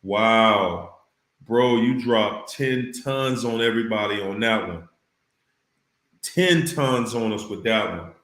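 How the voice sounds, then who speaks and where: A man hosting a casual livestream, reading viewer comments aloud, repeating phrases for emphasis and breaking into loud exclamations. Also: fairly low pitch, takes it slowly, reverberant.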